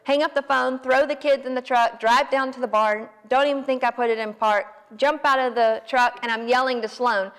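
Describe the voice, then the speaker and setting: A woman in her late twenties with a Southern American accent, telling a personal story in a folksy, animated way. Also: high voice, normal speed, hardly any pauses, smooth, big-room sound. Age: 20s. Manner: folksy, animated, self-deprecating. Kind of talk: personal story told to an audience.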